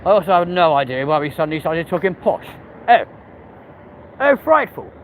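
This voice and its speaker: A man's voice: a little high, quick pace, a little hiss or hum, poor audio. A man with a London accent, live-streaming as he walks city streets and chatting cheekily with viewers, swearing freely. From England. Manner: cheeky, sweary, chats to the live chat while walking.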